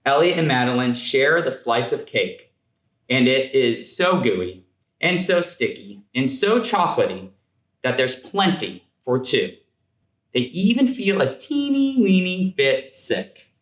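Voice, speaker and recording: Male storyteller, gentle, playful, reads a picture book at an unhurried pace in a reverberant room. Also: medium pitch, sing-song. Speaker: vice mayor reading a picture book. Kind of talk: children's story reading.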